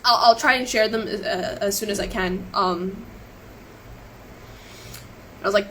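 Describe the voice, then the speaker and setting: A woman's voice: a little high, lively intonation, fairly bright tone, slight background noise, poor audio. Shaken woman rambling on a live stream. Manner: rambling and apologetic, halting with many restarts. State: close to tears, shaken. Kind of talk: emotional live stream monologue.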